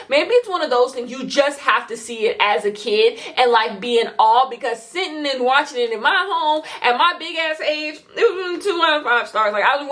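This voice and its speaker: A woman's voice: high voice, fairly bright tone. A woman vlogger in casual chat, reviewing films in a chatty, rambling way with lots of fillers and emphatic repetition.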